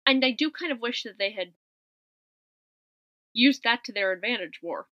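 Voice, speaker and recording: A woman's voice: a little high, animated, normal speed, pushed and bright, dry recording, lo-fi sound. A woman co-hosting a podcast, chatting casually and wryly as she recaps a movie scene by scene. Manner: chatty, wry, recounting scenes with quoted lines. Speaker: podcast co-host.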